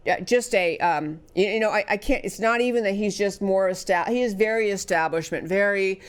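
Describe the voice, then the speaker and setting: A woman's voice: fairly quick, clear, resonant tone. A woman hosting a political talk show, delivering an emphatic, indignant commentary monologue with restarts and stumbles. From United States. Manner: emphatic and indignant, voice rising high on outrage; spells out words and stumbles into restarts.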